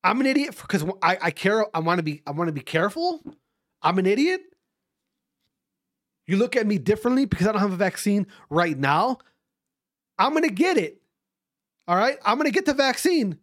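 A man's voice: sits high, sing-song, moderate pace, pauses often, a bit bright, dry recording, studio quality. A man in a casual, profane ranting monologue, repeating his points emphatically and mocking others' views sarcastically. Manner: sarcastic, mimics others' voices mid-rant.

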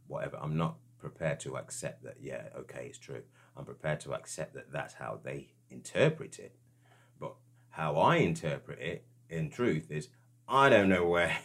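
A man with a strikingly deep, low voice speaks in an earnest, searching way. He stops and restarts often as he works through his thoughts, giving the account a halting, reflective feel. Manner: hesitant, halting, with frequent restarts. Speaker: storyteller.

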